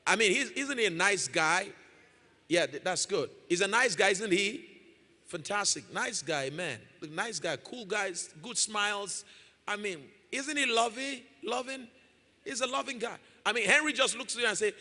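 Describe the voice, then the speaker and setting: High, bright-voiced preacher man. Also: expressive, normal speed. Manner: emphatic, repeats key phrases, rises into sung-out lines. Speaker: pastor. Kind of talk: sermon. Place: church hall. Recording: long hall reverb.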